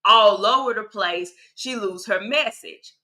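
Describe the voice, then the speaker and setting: A woman co-hosting a casual gossip chat about a reality show, animated and opinionated, laughing often. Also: mid-range voice, measured pace.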